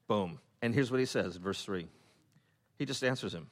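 A man's voice: medium pitch, expressive, brisk, fairly bright tone. A man teaching from the Bible in a conversational, humorous way, often acting out the voices he quotes. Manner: loose, with many fillers and restarts. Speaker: preacher.

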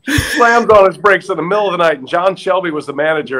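A man chatting casually as a guest, telling animated stories with laughter and acting out quotes in a raised voice. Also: high voice, fast, rough recording. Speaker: guest, former baseball broadcaster. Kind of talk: casual storytelling chat.

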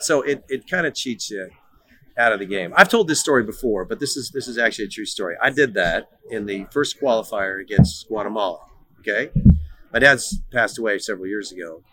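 Man, middle-aged, bright tone, lower pitch, animated storytelling, casual interview guest. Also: brisk. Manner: animated, repeats words when starting sentences. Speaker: guest, former pro soccer player.

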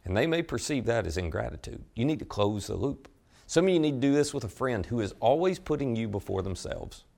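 A man preaching a sermon, telling a story with animated delivery and asking listeners direct questions. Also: mid-range voice, brisk, vocal fry. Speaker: pastor.

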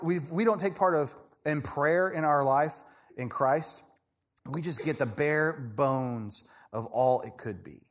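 A man preaching a sermon in a conversational, animated way, often asking "right?" and acting out voices. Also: fairly high pitch. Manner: acts out people in quoted voices. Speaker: pastor.

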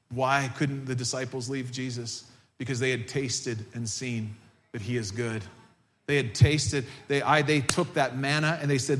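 A male pastor preaching a sermon to his congregation in a church, and at times he builds to a loud, fervent pitch. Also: little pitch movement, moderate pace. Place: church sanctuary.

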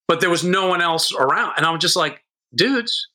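A man in his fifties, a guest who runs bars, telling stories in a lively, casual way, swearing freely and acting out what people said. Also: on the high side, fast talker, poor audio. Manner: animated, swears freely, acts out quotes. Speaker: guest, bar owner. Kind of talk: casual storytelling chat.

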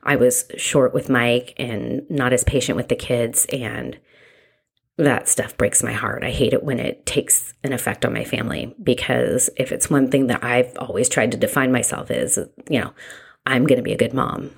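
Very deep-voiced woman sharing her story. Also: vocal fry, slightly rough. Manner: reflective and halting, with restarts. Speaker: mother sharing a personal story. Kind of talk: candid personal testimony.

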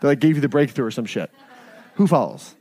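A man's voice: medium pitch, very animated, fast talker, darkish tone. A middle-aged man leading a live workshop, talking casually and with profanity, often checking in with the audience by asking "right?". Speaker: workshop leader.

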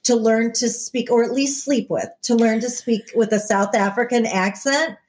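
A woman's voice: a little high, fairly even intonation, moderate pace, darkish tone. A woman co-hosting a casual chat, playful and jokey, often laughing at her own lines. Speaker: podcast co-host.

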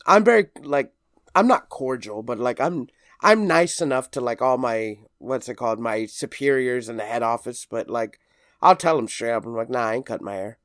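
A podcast guest spinning a long, rambling story, full of "like" and swearing, who slips into quick impressions of others. The voice sits mid-pitch and is recorded dry and close. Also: dry recording. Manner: rambling, swears freely, fills with "like", mimics others. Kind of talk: casual storytelling.

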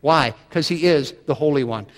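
A man's voice: a little high, normal speed, big-room sound. A man preaching a sermon, reading scripture aloud and building to dramatic, emphatic swells.

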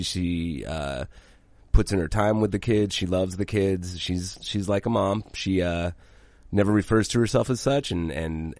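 A man's voice: low voice, darkish tone, no room sound. A man co-hosting a casual podcast, blunt and swearing freely, rambling with frequent restarts. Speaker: podcast co-host. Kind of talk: casual chat.

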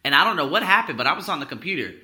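A man's voice: fairly high pitch, sing-song, rapid-fire, bright, forceful tone. A young man hosting a podcast, telling a personal story in a blunt, profane, rambling way. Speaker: podcast host.

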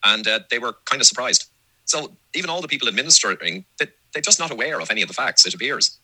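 Male guest, fast emphatic talker, bright edge, dry close sound. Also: medium pitch, lively intonation, breathy edge, dry recording, rough recording. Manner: brisk, emphatic, laughs now and then. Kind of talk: casual discussion.

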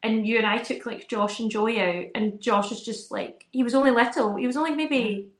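A woman in her thirties chatting casually as a podcast co-host, telling animated stories and acting out her kids' voices. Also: a little high, fairly quick, echoey room. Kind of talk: casual chat.

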